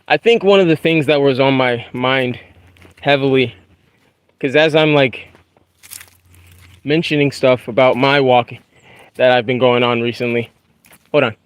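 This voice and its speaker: A young man talks as he walks a wooded trail outside, loose and easygoing, dropping dude and bro into nearly every thought. His voice sits in an ordinary middle pitch, relaxed and unforced. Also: unhurried, pauses often, smooth, dry recording. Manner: laid-back, slangy, says dude and bro a lot. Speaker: YouTuber. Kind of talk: casual spiritual talk while walking.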